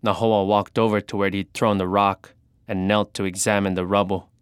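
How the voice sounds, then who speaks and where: Man, storybook narrator, lowish voice, measured dramatic telling, dry close sound. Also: flat delivery, clean tone, no echo.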